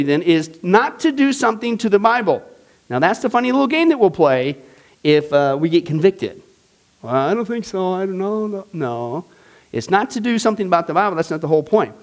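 A man teaching a Bible study class in a casual, animated way, full of jokes and enthusiasm. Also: sits high. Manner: animated, joking, enthusiastic with frequent fillers. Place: church classroom.

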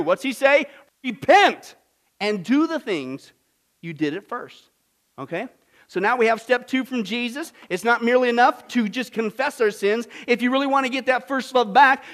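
Pastor, male, very high voice, dynamic delivery that jumps between soft and loud. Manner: dynamic, swings from hushed to loud, repeats "listen". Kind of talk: sermon.

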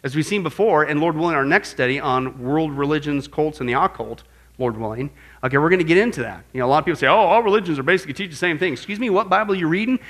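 A male pastor leads an apologetics lesson in an emphatic, animated way, constantly checking in with his listeners. His voice sits high, with a bright, forceful edge. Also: quick pace. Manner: emphatic, animated, asks audience rhetorical questions. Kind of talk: classroom-style sermon lesson.

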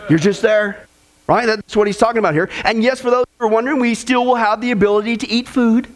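Man, pastor, sermon, animated joking storyteller, very high pitch. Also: quick pace. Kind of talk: sermon with jokes. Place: church before a congregation.

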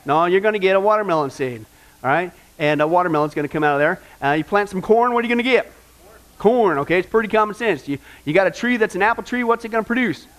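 A man's voice: sits high, animated, fast talker, fairly bright tone. A man pastor giving a folksy sermon, often asking the congregation questions.

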